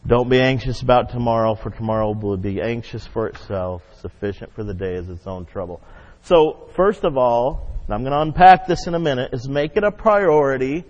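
A man preaching a sermon as pastor, emphatic, swinging between loud stress and hushed asides. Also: medium pitch, brisk. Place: church sanctuary. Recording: dull audio with long hall reverb.

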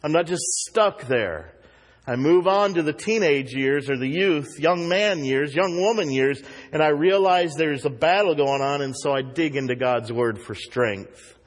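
A male pastor delivers an earnest sermon in a slightly high voice. He climbs higher and grows louder as he presses a point home. His words ring out with the long reverb of a church hall. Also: a little slow.

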